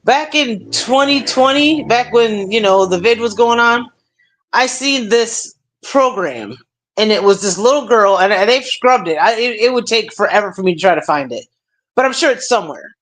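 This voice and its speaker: A somewhat high-voiced woman hosting a casual stream chat. She tells stories with energy and leans on fillers and repeated words as she goes. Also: normal speed. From United States. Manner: animated storytelling with many fillers. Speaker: stream host.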